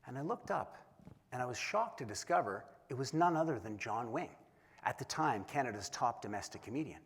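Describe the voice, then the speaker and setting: A man speaks at an even mid pitch as he tells an animated, self-deprecating story. His voice is husky, and the sound echoes through a large hall. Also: a little fast. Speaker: keynote speaker. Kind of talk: storytelling keynote speech. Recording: long hall reverb.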